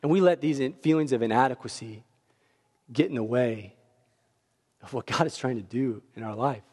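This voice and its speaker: A man preaching a sermon, telling a story with lively swings from quiet asides to near-shouting peaks. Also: mid-range voice, normal speed, breathy edge. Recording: long hall reverb.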